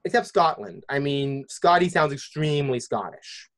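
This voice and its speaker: A man's voice: a little high, lively intonation, normal speed, fairly bright tone. A man hosting a casual podcast chat, rambling with restarts and jokey side notes. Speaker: podcast host.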